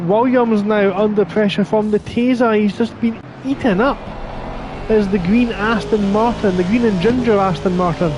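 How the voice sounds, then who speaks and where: A man with a fairly high voice calls a sim race live. He is chatty and breaks off to answer viewer chat between the action. A faint noise sits under the recording. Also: fairly even intonation, moderate pace. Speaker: sim racing commentator.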